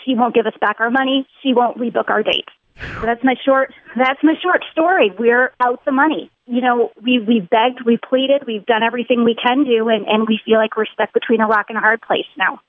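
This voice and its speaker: A woman's voice: fairly high pitch, fairly even intonation, fairly quick, no echo. A woman calling in to a talk show, telling her story in an earnest, aggrieved way and stacking up repeated points for emphasis. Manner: earnest and aggrieved, builds emphasis through repetition. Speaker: caller. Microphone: telephone. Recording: tinny phone line.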